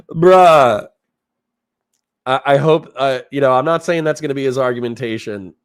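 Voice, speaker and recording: A man's voice: mid-range voice, fast, smooth. A man hosting a casual livestream, ranting with animation and reading out chat comments. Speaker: streamer host.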